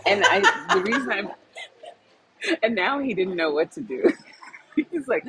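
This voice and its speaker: Co-host, casual storyteller, mid pitch, laughs often, faint hiss. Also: expressive, slow pace, long pauses. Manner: chatty, laughs often, acts out dialogue.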